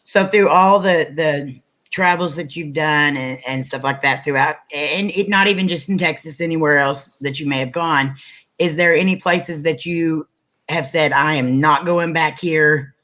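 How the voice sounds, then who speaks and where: A woman interviewer with a notably deep, low voice. She speaks calmly, chiming in with brief encouraging reactions and asking relaxed questions. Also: unhurried. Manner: quietly encouraging, short reactions. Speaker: interviewer, host. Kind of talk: casual interview.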